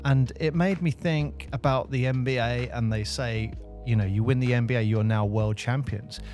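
Man, British accent, podcast co-host, casual rambling chat, mid pitch, faint music behind. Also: moderate pace, a little mellow. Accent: British English. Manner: chatty, rambling with fillers and restarts.

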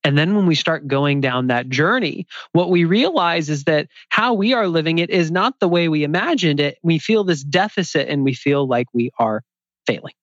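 A man's voice: a little high, expressive, normal speed, a bit bright, no room sound, dull audio. A man hosting a conversational interview, talking reflectively and restarting phrases as he thinks aloud.

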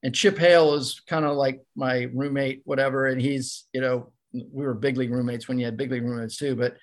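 A man's voice: medium pitch, fairly quick. An older man, a former ballplayer, telling a casual story as a podcast guest and acting out the voices of the people in it. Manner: animated storyteller, acts out quoted voices.

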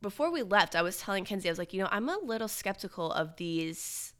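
A woman's voice: medium pitch, fast. A young woman, telling a rambling story in casual chat, a little nasal this morning. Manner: animated, rambling storyteller with lots of "like". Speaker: podcast co-host.

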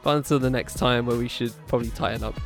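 A man's voice: mid-range voice, steady tone, fast, vocal fry, over music. A man co-hosting a podcast, casual and teasing, laughing often as he banters and signs off the show. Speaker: podcast co-host.

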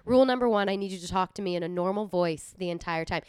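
A woman's voice: lowish voice, fast talker, darkish tone, smooth, no room sound. A woman co-hosting a podcast in casual chat, dry and sarcastic, often laughing. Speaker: podcast co-host. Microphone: studio microphone.

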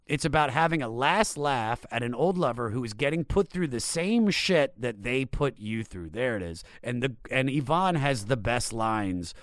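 A man's voice: medium pitch, lively intonation, normal speed, few pauses, dry recording, clean studio sound. Enthusiastic male podcast host. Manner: enthusiastic, chatty. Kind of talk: casual podcast conversation.

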